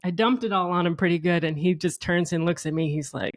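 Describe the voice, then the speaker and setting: Animated woman telling her story. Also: fairly low pitch, a little fast. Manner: animated, laughs often, acts out quotes. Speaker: guest, co-founder. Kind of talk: conversational interview storytelling.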